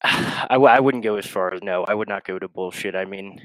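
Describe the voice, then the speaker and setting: A man from the United States, a guest analyst on a betting podcast, speaking haltingly with many restarts as he works through his thoughts. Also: sits low, dry recording, low-quality recording. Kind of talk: casual sports analysis.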